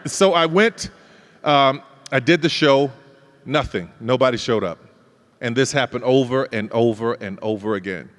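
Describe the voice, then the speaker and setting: An animated man tells his story as an interview guest. His voice sits at a middle pitch and trails off into a long, reverberant hall tail. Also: normal speed. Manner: animated storyteller who acts out dialogue and laughs often.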